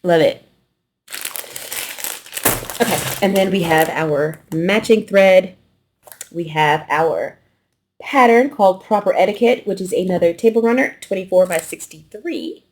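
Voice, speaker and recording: Woman host with a light Southern twang, lowish voice, chatty and loose, slurs some consonants. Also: unhurried, pauses often, a little hiss or hum. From New York. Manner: relaxed, rambling, swallows consonants. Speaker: quilting channel host. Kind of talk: casual unboxing chat.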